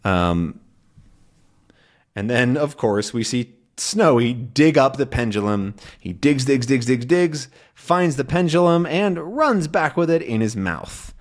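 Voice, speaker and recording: Slow, lively man explaining a story. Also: mid-range voice. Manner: slow, simple explaining with sound effects. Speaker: English teacher. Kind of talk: explaining a comic to learners.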